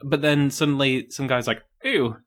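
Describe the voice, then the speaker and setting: A man co-hosting a casual chat about films, with a voice of ordinary middle pitch. He rambles, loses his thread and often breaks into laughter as he gives his opinions. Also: brisk, a bit bright. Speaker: podcast co-host. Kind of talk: casual film review chat.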